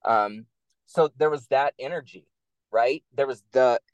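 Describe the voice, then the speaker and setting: A man, a former campaign staffer, telling stories in a casual interview in a blunt, profane and animated way. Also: medium pitch, a little slow, clear, resonant tone, no echo, highs cut off.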